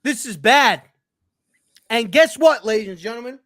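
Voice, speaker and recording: A man's voice: very high-pitched, lively intonation, moderate pace, a bit bright, no room sound. A sports show host ranting at his live chat, angry and frustrated, emphatic and profane, repeating his points. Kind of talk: heated sports rant.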